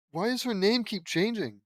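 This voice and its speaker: A man's voice: on the high side, no echo. A man reading fan fiction aloud and sarcastically mocking it as he goes. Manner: sarcastic, laughs at the text. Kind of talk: mocking read-aloud with commentary.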